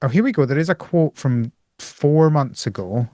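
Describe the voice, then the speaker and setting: Excitable man chatting about games. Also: on the high side, moderate pace, no room sound, clean studio sound. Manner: excitable, acts out his own reactions. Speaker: podcast co-host. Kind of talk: casual gaming chat.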